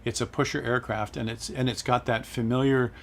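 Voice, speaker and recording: A man's voice: mid-range voice, steady tone, brisk, vocal fry. A middle-aged man hosting a casual flight-sim livestream, chatting and reading viewer comments aloud with frequent laughs. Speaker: livestream host.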